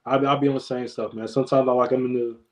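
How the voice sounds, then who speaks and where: A young man, a podcast guest, in casual chat, telling stories in a laid-back, slangy way that trails off quietly. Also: medium pitch, level tone, quick pace.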